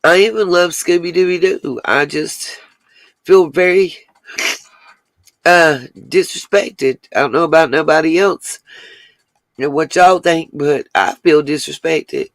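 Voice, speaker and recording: A woman's voice: low-pitched, dry recording. A woman hosting a casual livestream, chatting with her viewers and answering their comments as they come in. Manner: chatty, talks straight to viewers, drawn-out asides. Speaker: livestream host.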